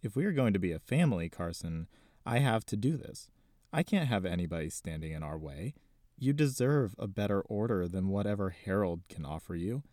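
A man's voice: sits low, lively intonation, a little fast, warm tone, no room sound, studio quality. Man doing a brooding, vengeful schemer. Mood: menacing.

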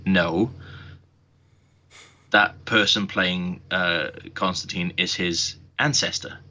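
Male co-host, low-pitched, sharp tone, swears a lot, dull lo-fi audio. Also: level tone, measured pace. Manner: blunt, heated, heavy swearing. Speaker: podcast co-host. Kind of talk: casual chat. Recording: dull lo-fi sound.

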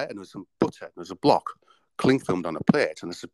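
A man's voice: sits low, expressive, fast, dry recording, low-quality recording. A man hosting a casual podcast, telling rambling anecdotes and acting out the voices in them. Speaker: podcast host. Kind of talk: casual storytelling chat.

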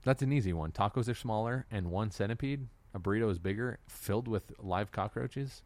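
A man's voice: lowish voice, brisk, a little mellow, dry recording. A man hosting a casual chat, putting questions to his co-hosts and laughing often. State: out of breath.

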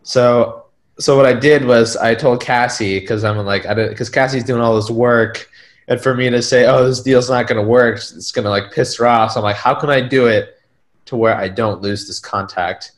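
A man's voice: medium pitch, moderate pace. A man casually telling a story about a real estate deal, rambling and full of filler words. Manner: rambling, heavy on filler words, animated retellings.

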